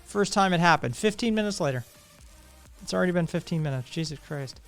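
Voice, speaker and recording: A man's voice: high voice, expressive, a little fast, fairly bright tone, soft background music. A man hosting a live stream, chatting casually, reading viewer comments aloud, blunt and profane with sarcastic laughs.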